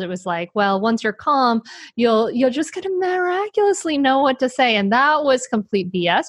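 A woman guest author answering interview questions in a lively, self-deprecating way, laughing often. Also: on the high side, no room sound.

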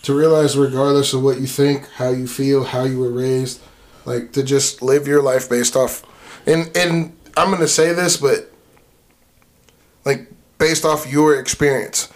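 A man's voice: mid-range voice, flat delivery, measured pace. A man co-hosting a casual podcast, arguing earnestly and firmly, with some swearing. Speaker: podcast co-host.

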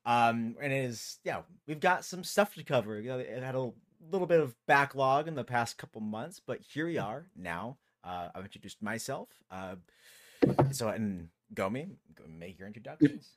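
Man, host, casual chat, halting, self-mocking, lively voice. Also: mid-range voice. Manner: halting, self-deprecating, laughing often.

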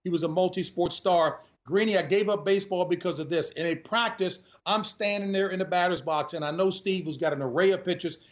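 A man with a somewhat higher voice tells stories with lively energy as a guest on a sports radio interview. He keeps turning to the host as he talks. The sound is a little dull and lo-fi. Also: fairly quick, hardly any pauses. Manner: lively storyteller who keeps addressing the host.

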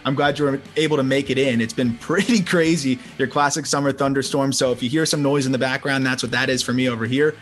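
A man hosting a casual sports podcast from home, chatty and quick to laugh, with frequent restarts. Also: medium pitch, fairly even intonation, fairly bright tone, soft background music. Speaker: podcast host. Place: home during a summer thunderstorm.

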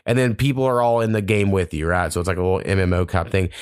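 A man's voice: sits low, quick pace, darkish tone, clean tone, no echo, studio quality. A man hosting a podcast, telling long casual stories full of swearing. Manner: profane, rambling storyteller. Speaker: podcast host. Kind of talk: casual chat.

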